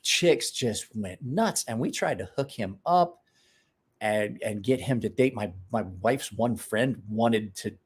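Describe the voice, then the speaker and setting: A man's voice: lowish voice, slow, slightly rough. A man chatting casually on a live stream, rambling, restarting words, and talking to his dog in between.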